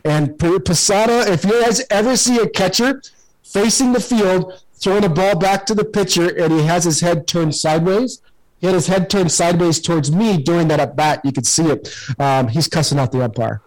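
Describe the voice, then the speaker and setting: Former ball player in his 40s rambling through stories, lots of "like", swears a bunch, kinda high voice. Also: normal speed, a little mellow, poor audio. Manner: rambling, filler-heavy, swears freely. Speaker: former pro baseball player, guest. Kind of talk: casual storytelling.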